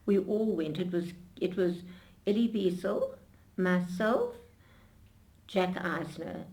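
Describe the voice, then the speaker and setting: An older woman being interviewed, telling her memories in an animated storytelling way with frequent restarts. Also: lowish voice, takes it slowly.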